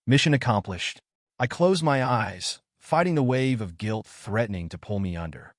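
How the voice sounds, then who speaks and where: A man narrating a first-person story in a dramatic, expressive way. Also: on the low side, moderate pace, no room sound, studio quality.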